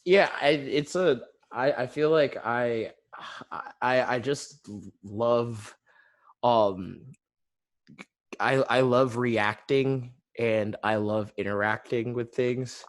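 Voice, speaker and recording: A man's voice: mid-range voice, takes it slowly. A man guest artist talking casually on a video call, rambling with lots of filler words. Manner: rambling, heavy use of "like" fillers.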